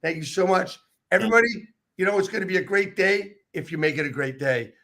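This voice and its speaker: Fast and animated, the podcast host's high, bright voice has a forceful edge. He rambles with enthusiasm through a casual interview chat, restarting his thoughts again and again.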